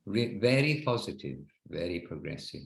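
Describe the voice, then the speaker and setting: Earnest low-voiced man in an echoey room. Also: very animated, moderate pace, vocal fry. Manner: rambling, earnest, with frequent restarts. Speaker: class leader. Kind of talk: online devotional class talk. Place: home in Wexford, Ireland, on a video call.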